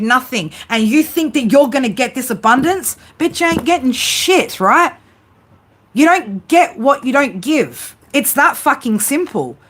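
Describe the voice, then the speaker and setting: A woman's voice: sits high, a bit bright. A woman, ranting bluntly and swearing heavily as a tarot livestream host. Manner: blunt, heavy swearing, heated and defiant. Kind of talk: live-stream rant to viewers.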